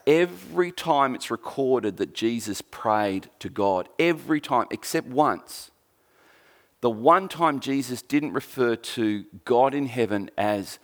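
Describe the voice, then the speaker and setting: A man with a gravelly, creaky voice gives a relaxed church sermon. He talks to the congregation in a chatty, joking way and keeps restarting his sentences. His pitch sits at an ordinary middle level for a man. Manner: conversational, jokey preaching with repeated restarts. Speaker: pastor.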